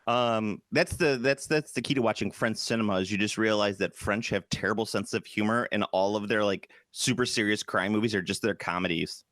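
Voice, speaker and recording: A man's voice: fairly low pitch, a bit bright, no echo, studio quality. A man co-hosting a casual podcast chat, rambling and stopping to restart his sentences. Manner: rambling, halting with restarts and fillers. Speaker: podcast co-host.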